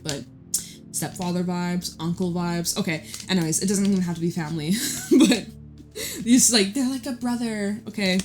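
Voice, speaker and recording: A woman talks through a tarot spread in a loose, chatty way, drifting into frank asides and the occasional swear. Her pitch sits in an ordinary middle range. Soft music plays faintly underneath. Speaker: tarot reader. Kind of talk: casual tarot reading to camera.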